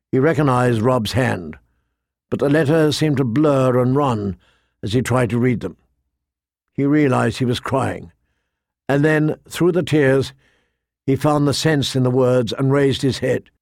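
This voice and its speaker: Male narrator, fantasy audiobook, steady measured reading, gravelly. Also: mid-range voice, no echo, studio quality.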